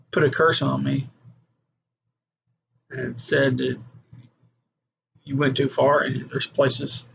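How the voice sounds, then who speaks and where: A man's voice: medium pitch, vocal fry. A man giving an earnest personal testimony, acting out the voices in his story. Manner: earnest storytelling with acted quotes. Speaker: testimony speaker. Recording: muffled with background noise.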